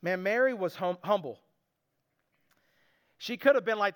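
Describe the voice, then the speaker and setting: A man's voice: high-pitched, expressive, unhurried, fairly bright tone, smooth. A man preaching a sermon as a pastor, earnest and emphatic, acting out quoted voices and repeating phrases for emphasis. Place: church sanctuary. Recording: reverberant church hall with band music.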